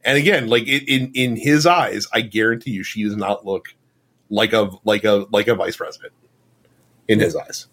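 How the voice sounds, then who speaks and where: A man's voice: lowish voice, moderate pace, fairly bright tone. A man co-hosting a podcast, answering bluntly and briefly in casual political chat. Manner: blunt, short agreeing replies. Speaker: podcast co-host.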